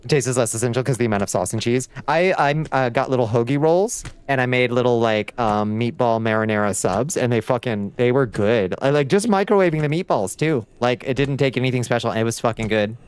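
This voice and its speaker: A man chatting casually and swearing often while livestreaming a game, reacting loudly and talking to his chat. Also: medium pitch, fairly quick, hardly any pauses, smooth. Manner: profane, excitable, chatty with chat. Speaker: streamer.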